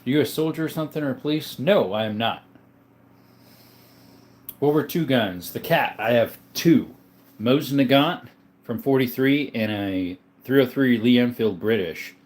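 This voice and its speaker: Male livestream host, mid-pitched, relaxed and chatty, fielding viewer questions. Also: unhurried. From Arizona, US. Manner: laid-back, answers chat questions one by one. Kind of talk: casual live chat reading viewer comments.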